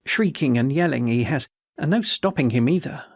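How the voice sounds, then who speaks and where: A man's voice: medium pitch, expressive, moderate pace, no room sound, studio quality. A man voicing a persistent, confiding middle-aged prison head warder with informal, chatty speech. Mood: reporting.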